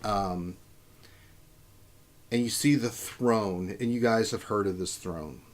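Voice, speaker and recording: Casual young male game master. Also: on the low side. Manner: casual, halting with fillers. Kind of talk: narrating a tabletop game.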